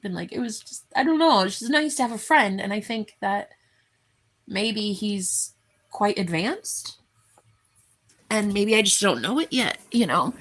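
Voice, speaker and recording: Woman rambling earnestly to camera, lots of fry, keeps restarting sentences. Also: medium pitch. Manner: rambling, heartfelt, halting restarts; earnest and effusive. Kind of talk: emotional personal vlog.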